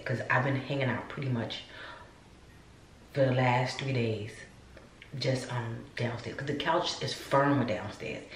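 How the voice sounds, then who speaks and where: A woman vlogging from home, chatting casually and talking straight to her viewers. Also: extremely low pitch. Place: upstairs room at home. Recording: roomy echo, mic at a distance, faint background noise.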